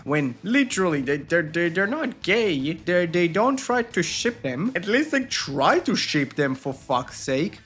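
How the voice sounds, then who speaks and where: A man's voice: on the high side, a bit bright. Rambling, profane man reviewing a show. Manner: rambling, filler-heavy, profane, wry. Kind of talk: casual video review.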